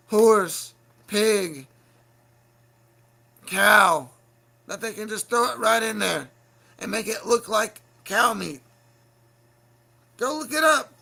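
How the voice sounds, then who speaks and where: A man hosting a livestream, delivering a heated, profane solo rant that keeps breaking into shouting. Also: sits high, gravelly. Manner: angry, profane, bursts into shouting. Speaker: livestream show host.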